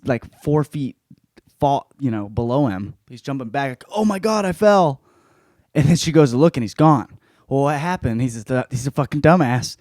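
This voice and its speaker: Casual podcast host, male, middle pitch, profane and joking, dry close sound. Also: no echo. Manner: profane, jokey, lots of swearing and laughing; jumps into loud high-pitched bits for effect. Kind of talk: casual book report monologue.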